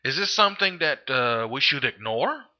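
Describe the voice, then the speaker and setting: A man's voice: medium pitch, very animated, normal speed, muffled recording. A man giving an impassioned monologue, indignant and fond of rhetorical questions, stumbling with frequent hesitations. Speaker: political video commentator.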